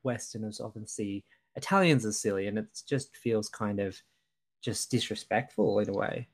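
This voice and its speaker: A man's voice: on the low side, moderate pace, husky. A man co-hosting a podcast, talking over a film in a hesitant, earnest way, with many ums and restarts. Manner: earnest, critical. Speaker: podcast co-host. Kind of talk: casual film review chat.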